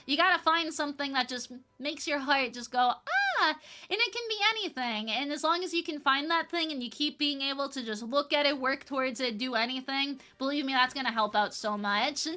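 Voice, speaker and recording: A woman's voice: high voice, bright, forceful tone. A young adult woman streamer chatting casually with viewers, reading their messages and swearing freely. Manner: chatty, swears casually, reads chat aloud.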